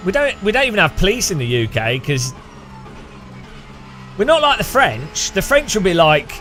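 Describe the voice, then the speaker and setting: Here the British sim racing streamer sounds high-pitched, very animated and a bit bright, talking at a moderate pace. Over soft background music he chats casually, rambling and joking, often laughing.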